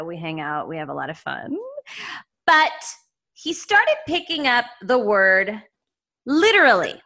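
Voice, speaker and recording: A woman in her forties with a Southern US accent co-hosts a podcast, chatting casually and laughing easily. Her voice is medium-pitched, bright and forceful.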